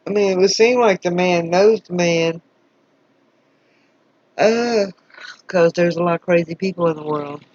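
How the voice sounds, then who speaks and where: A man's voice: sits high, a little slow, pauses often, darkish tone, no room sound, dull audio. A man chatting casually on a live stream, commenting on police radio traffic with frequent laughter and a tired manner. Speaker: scanner stream host.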